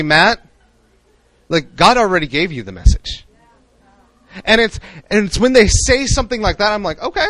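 A young man preaching a sermon in an animated way, acting out the voices he quotes. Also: high voice, brisk, dry recording, rough recording.

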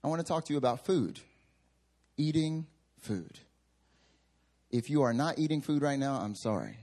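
A man's voice: mid-range voice, expressive, moderate pace, a little mellow. A male pastor giving a sermon in a church sanctuary, telling humorous, self-mocking stories.

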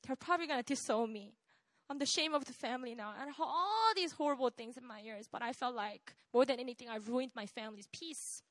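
A young woman, telling a personal testimony in an animated way, laughing often and checking in with "right?". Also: high-pitched, fairly quick, dry recording. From South Korea. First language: Korean. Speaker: speaker sharing a testimony.

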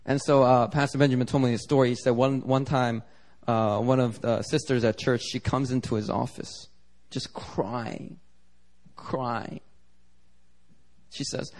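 Unhurried and medium-pitched, this pastor brings his sermon's stories to life, performing each character's voice with animation.

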